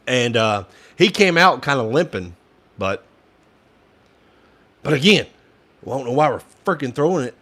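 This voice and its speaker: A man's voice: mid-range voice, big pitch swings, moderate pace, long pauses, fairly bright tone. Fired-up young man ranting over a game. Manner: frustrated, ranting, swears at play calling. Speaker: fan play-by-play commentator. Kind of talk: casual fan commentary.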